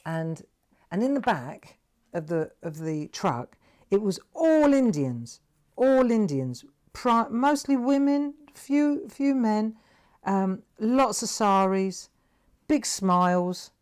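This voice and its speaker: A woman hosting a craft livestream, telling a rambling, animated story while she demonstrates. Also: mid-range voice, slow pace. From England. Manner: rambling, animated anecdotes with frequent "right?".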